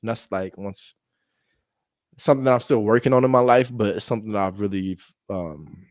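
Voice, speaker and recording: A man's voice: fairly low pitch, brisk, a little mellow, dry recording, studio quality. A young American man who wholesales real estate, chatting casually between cold calls, laid-back and slangy, laughing often and calling viewers "bro". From United States. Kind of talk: casual vlog talk between phone calls.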